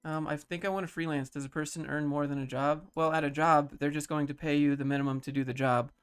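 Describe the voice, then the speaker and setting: A man in his thirties on a casual livestream, reading chat questions aloud and answering them in a low-key, mellow way. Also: steady tone, fast, clean tone, faint music behind. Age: 30s.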